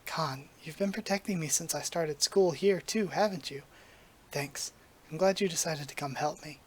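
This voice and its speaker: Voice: mid-range voice, moderate pace, husky, close to an everyday voice. A reader voicing a cheerful, sincere young witch girl who speaks in an earnest, friendly way, reading comic dialogue aloud.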